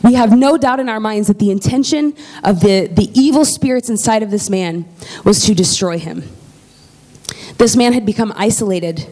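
A woman preaching in a casual, lively storytelling way, often checking in with her listeners. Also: medium pitch. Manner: lively, conversational, checks in with "okay?".

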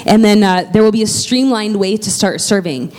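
A woman's voice: medium pitch, normal speed, darkish tone. A woman pastor making church announcements from the pulpit, chatty and heartfelt, with plenty of fillers and restarts.

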